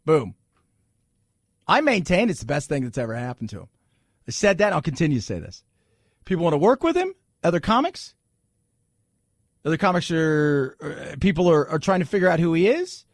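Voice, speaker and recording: Animated joking talk radio host, man. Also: fairly high pitch, normal speed, long pauses, no echo, studio quality. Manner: animated and joking, with mocking put-on voices. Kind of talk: opinionated talk radio monologue. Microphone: studio microphone.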